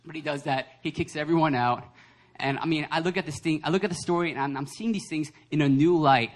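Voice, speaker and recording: A young adult man, a pastor, preaching a lively sermon that acts out voices and laughs often. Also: fairly high pitch, quick pace. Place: church service hall.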